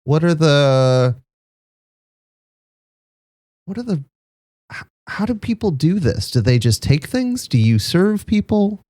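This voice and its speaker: A man's voice: fairly high pitch, big pitch swings, a little slow, mellow, no echo, clean studio sound, pitched above the performer's own voice. A man voicing a small, timid, frog-like male adventurer who stammers and apologizes. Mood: sheepish.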